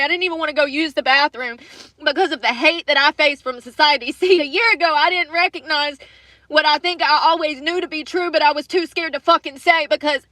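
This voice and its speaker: High bright-voiced woman venting and cussing on a livestream, dry close sound. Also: no echo. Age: adult with children. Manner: angry, swearing, repeating herself. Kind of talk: emotional livestream rant. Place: in her car.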